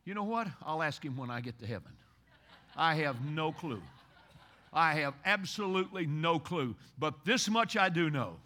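A man from Kentucky preaching a sermon in a high, ringing voice. He builds to loud, urgent exhortation, then falls to a hushed, intimate tone. He repeats key phrases to drive them home. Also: animated, normal speed. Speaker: pastor.

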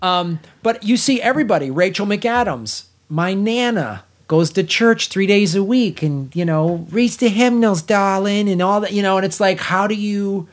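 A man's voice: high voice, moderate pace, few pauses. Blunt, fired-up middle-aged man. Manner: blunt and animated, swears freely, frequent restarts. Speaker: podcast co-host, film reviewer. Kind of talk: casual film review chat.

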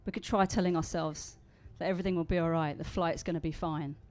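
A woman's voice: low-pitched, fairly even intonation, fast. A woman with a London accent preaching a chatty sermon and reading a story aloud to the congregation, with frequent "uh" and "um". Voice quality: conversational, warm storytelling delivery with filler words.

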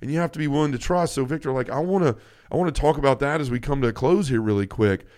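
With a fast, darkish, mid-range voice, an earnest man in his thirties co-hosts a faith podcast. He talks emotionally and frequently begins his sentences again.

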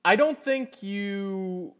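A man with a fairly high voice, chatting as a podcast co-host. He hesitates and stammers, often repeating words before finishing a thought. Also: very slow. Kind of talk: casual chat.

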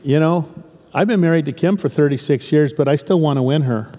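A man's voice: fairly high pitch, brisk, dark tone, long reverb tail. A man in his sixties from southern Oregon, a pastor giving an emphatic sermon full of repetition and folksy asides.

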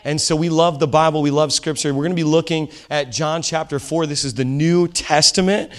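A man preaching a sermon at a church service, his voice sitting a little higher than most. He tells stories with energy to a live congregation, slipping into bits of acted-out dialogue. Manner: animated storytelling with laughs and acted-out quotes. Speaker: pastor.

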